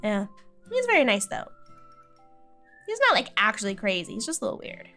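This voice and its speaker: Giggly streamer girl, high bright voice, faint music behind, super animated. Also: brisk. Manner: giggly storyteller, laughs often; animated, quotes relatives in voices. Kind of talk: casual chat with stream viewers.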